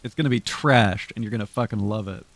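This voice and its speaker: A man's voice: fairly low pitch, fast, fairly bright tone, no echo. A man streaming live, chatting loosely with his viewers as he wraps up, rambling and swearing freely. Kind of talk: casual stream sign-off chat to viewers.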